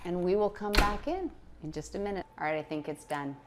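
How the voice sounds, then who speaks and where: A woman's voice: lowish voice, a little fast, very noisy. A middle-aged woman chatting casually as she demonstrates a recipe in her home kitchen. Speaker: cooking show host.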